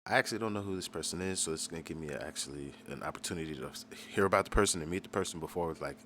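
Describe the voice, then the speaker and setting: A man hosting a reaction video, talking in a relaxed, joking, profane way. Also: deep voice, racing, a little hiss or hum. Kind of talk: casual reaction commentary.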